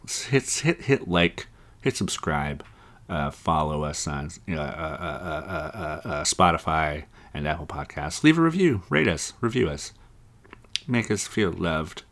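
A man's voice: rumbling low, expressive, a bit bright. A man co-hosting a comedy podcast, riffing playfully and laughing often as he brainstorms. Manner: playful, laughs often, puts on quick silly voices. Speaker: podcast co-host. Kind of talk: casual comedic brainstorm chat.

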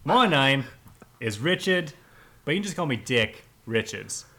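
A man's voice: medium pitch, very animated, unhurried, sharp tone, exaggerated voice. A man voicing a boastful, self-styled noble Victorian detective with a pompous manner. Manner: pompous, blustering.

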